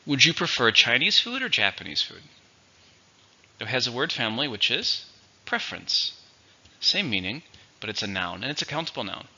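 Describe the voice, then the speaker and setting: A man teaching English vocabulary in a slow, clear, instructive way. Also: medium pitch, very animated, bright, forceful tone. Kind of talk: vocabulary lesson. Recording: dull, lo-fi recording.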